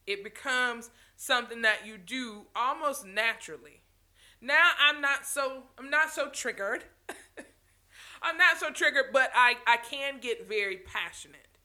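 A woman's voice: on the high side, slow pace, bright, forceful tone. A woman speaking passionately to her viewers in a motivational talk, stopping and restarting phrases and laughing now and then.

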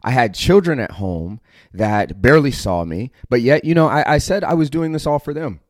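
A man's voice: medium pitch, lively intonation, moderate pace, dry recording, clean studio sound. A middle-aged American man hosting a podcast, delivering a blunt, aggressive motivational monologue full of profanity. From United States. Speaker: podcast host.

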